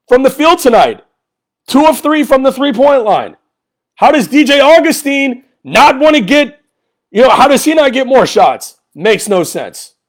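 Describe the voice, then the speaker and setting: A man hosting a solo sports podcast, ranting with frustration and sarcasm, hammering points by repeating a player's name, his voice climbing high when he gets angry. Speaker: podcast host.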